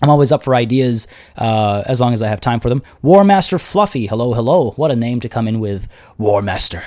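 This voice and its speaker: A man's voice: medium pitch, lively intonation, brisk, a little mellow. Chatty man hosting a game livestream. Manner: chatty, reads chat aloud, laughs often. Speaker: livestream host and game caster. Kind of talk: casual livestream chat and game commentary.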